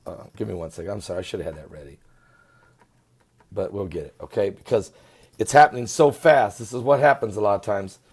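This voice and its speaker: A man giving an animated, sarcastic video commentary, swinging between loud emphasis and muttering. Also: lowish voice, a little fast, breathy edge. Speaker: online commentator.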